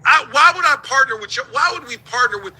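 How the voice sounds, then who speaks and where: A man from the United States rants in heated, profane commentary, laughing between his points. His voice sits high for a man and cuts with a hard, tense edge. He talks like a host holding forth on his own show. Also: expressive, quick pace, pushed and bright, breathy edge, low-quality recording. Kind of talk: ranting commentary.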